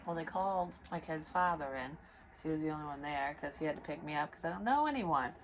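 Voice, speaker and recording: A woman's voice: deep voice, animated, fast talker, a little hiss or hum, poor audio. A woman telling a personal story in a rambling, emotional and profane way, full of fillers. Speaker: vlogger. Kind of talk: casual storytelling.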